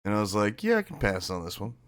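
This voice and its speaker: A man's voice: fairly low pitch, very animated, fast. A man streaming live, joking and teasing his chat in a casual way.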